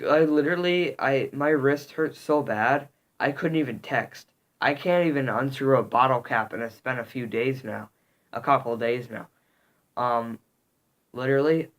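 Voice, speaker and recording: A man vlogging to camera, telling a story in a rambling, halting way with lots of fillers, upset and indignant. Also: medium pitch, a bit bright. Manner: rambling, halting, heavy on "um" and "literally".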